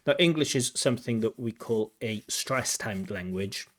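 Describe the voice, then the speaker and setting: A man's voice: medium pitch, very animated. Man explaining speaking-test mistakes. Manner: explanatory, corrective, pauses to replay and comment. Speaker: IELTS examiner giving feedback. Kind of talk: spoken feedback commentary.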